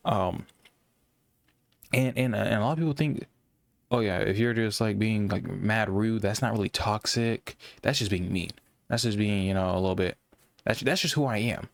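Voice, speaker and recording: A young man with a low, monotone voice rambles through a casual monologue about gaming. He stumbles and restarts often, and the sound is close and dry. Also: gravelly, dry recording. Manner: rambling, halting with many restarts. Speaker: gaming commentator.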